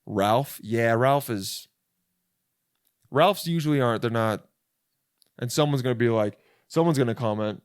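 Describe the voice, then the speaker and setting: A young man hosting a comedy podcast, riffing in a crude, rambling monologue that keeps stopping and restarting mid-thought. His voice sits at a medium pitch. The recording is close and dry, made from a bed in a rental apartment. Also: measured pace, long pauses, clean tone, dry recording. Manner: crude, self-interrupting, rambling. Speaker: podcast host.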